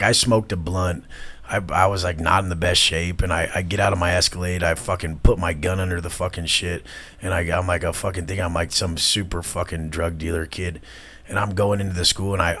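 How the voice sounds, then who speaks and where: Brash, profane man with a low voice. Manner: brash, profane, mocking, often breaks into loud imitations. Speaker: guest. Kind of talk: blunt profane interview talk.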